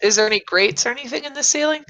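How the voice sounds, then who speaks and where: A woman's voice: high-pitched, racing, sharp tone. A woman playing a tabletop game, asking the game master question after question about the room. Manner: inquisitive, asks many questions. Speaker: player. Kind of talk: casual tabletop play.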